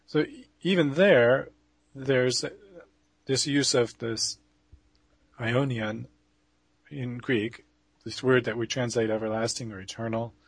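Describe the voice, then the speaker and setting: A man giving a debate rebuttal, speaking off the cuff with many pauses, fillers and restarts. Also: mid-range voice, steady tone, breathy edge, no room sound.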